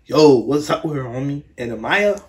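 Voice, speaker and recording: Animated slangy young guy. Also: medium pitch, moderate pace, slight background noise. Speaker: family member roasting relatives. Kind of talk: casual chat.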